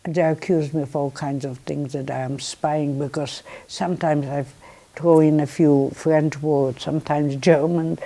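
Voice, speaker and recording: An older woman with a Polish accent, a Holocaust survivor telling her story in an unhurried way and acting out remembered dialogue. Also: sits low, fairly even intonation, dark tone. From Poland. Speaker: Holocaust survivor giving testimony. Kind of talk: personal testimony to students.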